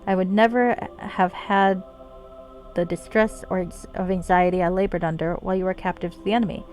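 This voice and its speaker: A woman's voice: lowish voice, fairly even intonation, fairly quick, darkish tone, soft background music, lightly acted. A woman reading the lines of a devoted, earnest male knight companion in formal courtly speech.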